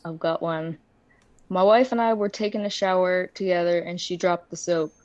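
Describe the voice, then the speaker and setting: A woman co-hosting a podcast, telling jokes in a dry, unhurried way during casual chat. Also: fairly low pitch, steady tone, darkish tone, dry recording. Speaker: podcast co-host. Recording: dull lo-fi audio.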